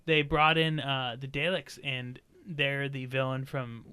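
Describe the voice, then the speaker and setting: A man's voice: mid-range voice, little pitch movement, measured pace, sharp tone, smooth. A young man hosting a casual podcast chat, rambling and joking, swearing freely. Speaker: podcast host.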